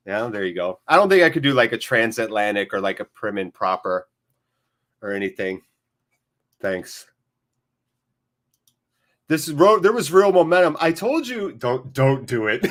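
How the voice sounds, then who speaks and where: A man hosting a live football watchalong, commentating and joking excitably and swearing freely. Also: medium pitch, normal speed. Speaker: watchalong host. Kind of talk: live match commentary and chat.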